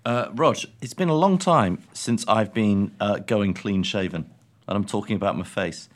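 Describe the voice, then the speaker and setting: A man from England co-hosting a podcast, dry and deadpan, talking with hesitant ums. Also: lowish voice, moderate pace. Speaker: podcast co-host. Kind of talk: casual comedic chat.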